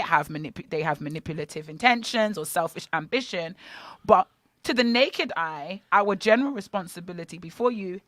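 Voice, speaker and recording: A woman co-hosting a morning radio talk show, chatting about church and faith with animated, questioning emphasis. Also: medium pitch, dry recording. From Bahamas. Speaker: radio co-host. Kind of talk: casual chat about faith. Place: radio studio.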